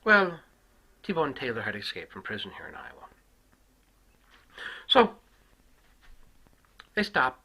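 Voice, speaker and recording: Husky, swearing man on a storytelling rant. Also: medium pitch, huge pitch swings, slow, pauses often, poor audio. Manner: swearing heavily, swinging from shouts to hushed asides. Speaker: comic ranter. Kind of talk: profane comic storytelling rant.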